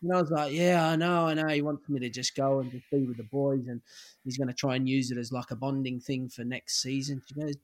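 A middle-aged Australian man who used to play football tells an anecdote in a mid-range voice at a fairly quick pace. He's animated and casual, acting out the lines of the people in the story.

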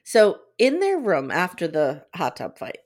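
A woman co-hosting a chatty recap podcast, with a pitch that swings up and down as she retells scenes. She quotes lines and adds quick asides in a casual, conversational way. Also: wildly swooping pitch, a little mellow. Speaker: podcast co-host.

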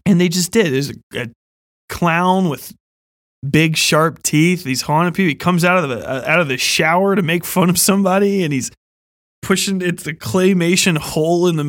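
A man's voice: fairly high pitch, a bit bright, no echo, studio quality. A young man hosting a casual horror review chat, rambling, swearing a lot and laughing often. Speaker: podcast host.

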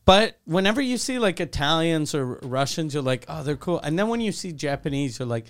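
Man with a smooth, dry comic voice. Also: a little high, very animated, brisk. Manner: dry, joking asides. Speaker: stand-up comedian and podcast co-host. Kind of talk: casual podcast banter.

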